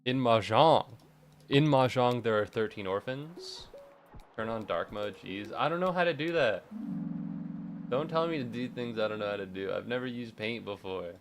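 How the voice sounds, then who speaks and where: Rambling young man streamer, deep-ish voice. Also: lively intonation, normal speed, music in the background. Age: 20s. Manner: rambling, swears casually, laughs often. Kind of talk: casual live stream chat.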